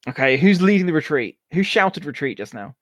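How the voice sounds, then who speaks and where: A man's voice: a little high, sing-song, fairly quick, a little hiss or hum. Rambling man running a tabletop game. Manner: rambling, filler-heavy, giggly. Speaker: game master.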